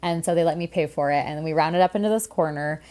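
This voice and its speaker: Lively woman telling a story. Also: low voice, fast. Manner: lively storyteller, acts out quotes. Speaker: podcast co-host. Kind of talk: casual chat.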